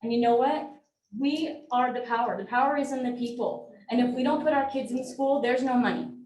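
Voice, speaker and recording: Woman parent, public comment, fervent and defiant, slightly high voice, roomy hall heard from off-mic. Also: fairly even intonation, brisk, a little mellow. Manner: impassioned, defiant. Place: large meeting hall. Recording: echoey hall, distant mic, faint noise.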